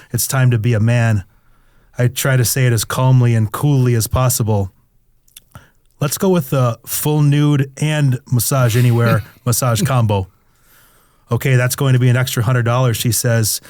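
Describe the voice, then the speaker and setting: A man's voice: medium pitch, darkish tone, clean tone, no room sound, studio quality. A middle-aged man reading his own memoir aloud in the first person, candid and crude in a confessional tone.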